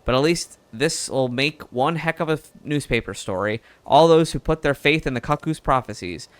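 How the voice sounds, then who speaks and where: Man voicing a chatty bird reporter, southern drawl, smooth clear voice, dry sound. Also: fairly high pitch, moderate pace, no echo, voice pushed up, lightly acted. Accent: American Southern.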